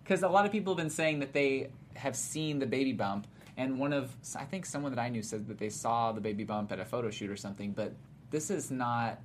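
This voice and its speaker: A woman's voice: extremely low pitch, a little fast. A woman co-hosting a casual celebrity gossip chat, chatty with lots of fillers. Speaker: co-host. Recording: faint background noise.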